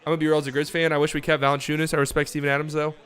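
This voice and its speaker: A man hosting a live watch party stream, calling the game in casual play-by-play that swings between calm calls and excited, swearing outbursts. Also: a little high, racing, smooth.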